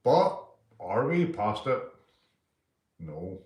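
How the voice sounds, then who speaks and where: Speaking very slowly in a sing-song way, the man's voice sits on the low side with a darkish tone. He's a roughly fifty-five-year-old Northern Irish livestream host who rambles, swears and repeats himself while casually reading comments, heard through a distant mic in a roomy space.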